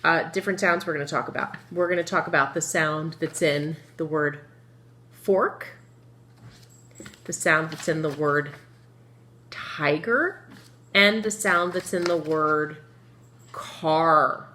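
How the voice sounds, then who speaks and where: A woman teaching young children a phonics lesson, slowly drawing out word sounds and asking the class questions. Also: low-pitched. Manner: slow, drawn-out sounding of words; lively, encouraging, asks the children questions. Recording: echoey room with faint noise.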